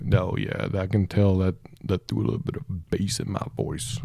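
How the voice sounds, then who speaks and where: Gravelly man rambling through a mic test. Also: on the low side, measured pace, dark tone. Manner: joking, rambling, tests mic aloud. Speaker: product reviewer. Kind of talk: casual unboxing chat. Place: home room with hardwood floors. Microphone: close broadcast microphone.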